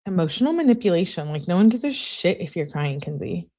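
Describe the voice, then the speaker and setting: Woman streamer, lower voice, dry and blunt, reads evidence live and comments to chat. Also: big pitch swings, quick pace, warm tone. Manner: blunt, sarcastic asides to chat.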